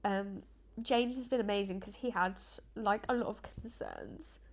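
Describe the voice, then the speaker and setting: A woman's voice: mid-range voice, measured pace. A woman vlogging in a casual, rambling, earnest chat to camera, emotional and close to tears at times.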